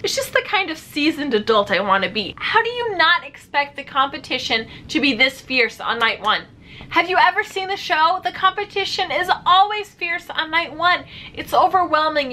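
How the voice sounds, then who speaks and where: A young woman giving animated, sarcastic reaction commentary as a vlogger. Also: high-pitched, a little hiss or hum. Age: young adult.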